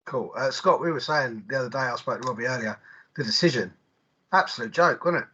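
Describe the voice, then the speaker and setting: A man co-hosting a casual podcast, tossing in quick questions and agreement. His voice is bright and forceful, with a husky edge. The recording sounds dull and lo-fi. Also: mid-range voice. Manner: short chatty questions and agreement. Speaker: podcast co-host.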